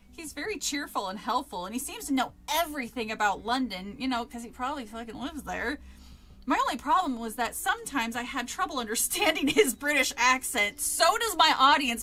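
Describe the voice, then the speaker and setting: A woman's voice: high voice, bright, forceful tone. A woman streamer reading a book aloud, giggling and chatting between passages. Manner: giggly, chatty, self-interrupting. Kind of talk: casual read-along with chat.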